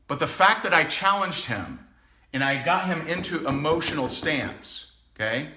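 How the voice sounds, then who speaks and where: A man's voice: on the high side, moderate pace. A man coaching live in a casual way, telling stories with emphasis and frequent chuckles. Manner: animated storyteller, emphatic, chuckles often. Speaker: sales coach. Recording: echoey room.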